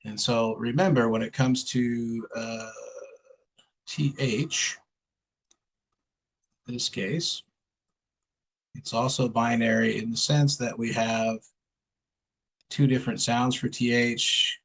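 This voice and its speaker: A man tutoring English pronunciation over a video call, speaking slowly and patiently. He drills single sounds again and again, modeling each word for his student. His pitch sits in an ordinary middle range. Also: fairly even intonation, a bit bright, poor audio. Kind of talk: online one-on-one lesson.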